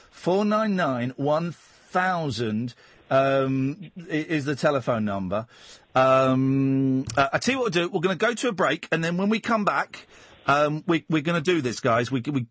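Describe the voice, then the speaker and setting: A man hosting late-night talk radio from a studio, exasperated and bossy with his callers, quick to laugh. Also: a little high, animated, fairly bright tone, husky, no echo. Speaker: radio host. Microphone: studio microphone.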